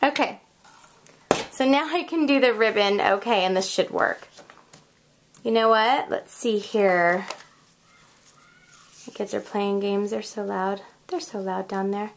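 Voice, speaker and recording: A woman's voice: mid-range voice, unhurried, long pauses. A woman hosting a casual crafting tutorial at home, chatting and joking about her mistakes as she works. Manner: chatty, self-deprecating, talks while working. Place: home craft room, kids heard elsewhere in house.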